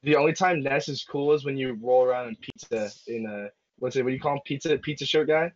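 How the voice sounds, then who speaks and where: A man's voice: medium pitch, fast talker, no room sound. A man in a casual streamed chat, joking, swearing and mimicking others. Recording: dull lo-fi stream audio.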